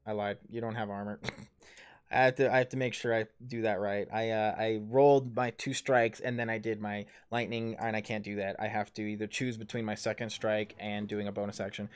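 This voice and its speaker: A man's voice: lowish voice, little pitch movement, fairly quick, clear, resonant tone. Rambling man running a tabletop game. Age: 30s. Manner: rambling, full of ums and self-corrections, swears casually. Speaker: game master and player.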